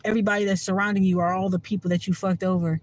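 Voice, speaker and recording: A man's voice: high-pitched, little pitch movement, racing, low-quality recording. A man from the Washington DC area talking to camera as a spiritual vlogger, candid and rambling, swearing freely and using lots of fillers. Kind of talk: casual monologue to camera.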